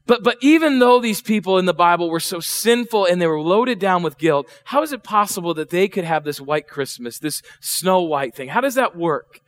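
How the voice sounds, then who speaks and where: A man's voice: high-pitched, lively intonation, moderate pace, hardly any pauses. A middle-aged man preaching a sermon, chatty and full of questions to the congregation. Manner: conversational, asks the congregation questions, acts out voices. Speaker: pastor. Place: church.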